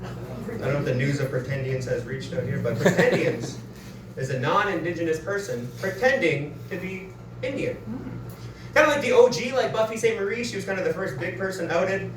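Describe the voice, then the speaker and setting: Animated, high-voiced man doing stand-up. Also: fairly quick. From Manitoba, Canada. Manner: animated, self-deprecating, laughing through punchlines. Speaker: stand-up comedian. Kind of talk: stand-up comedy set. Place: comedy club stage. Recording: roomy club recording from a distance, audience noise.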